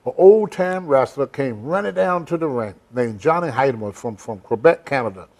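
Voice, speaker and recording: A man's voice: medium pitch, lively intonation, moderate pace, darkish tone. An older man hosting a casual interview, telling blunt, rambling stories in a folksy way. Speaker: host. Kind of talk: casual storytelling chat.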